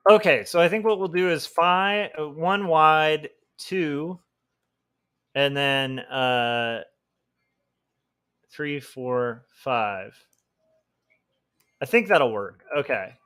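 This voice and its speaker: A man who is a comic artist, chatting casually on a livestream while he draws, thinking out loud with lots of fillers and restarts. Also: on the high side, drawn-out words, pauses often, clear, resonant tone. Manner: thinking aloud, rambling with fillers. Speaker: comic artist streaming his work.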